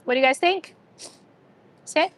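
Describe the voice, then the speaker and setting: A woman's voice: high-pitched, unhurried. A woman hosting a casual livestream, chatting to viewers and a dog and laughing often. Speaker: livestream host.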